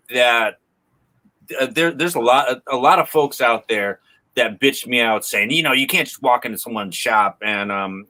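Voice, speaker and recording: A man's voice: medium pitch, sharp tone, low-quality recording. A man talking as a guest in a casual panel chat, full of restarts and fillers. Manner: halting, many restarts and fillers.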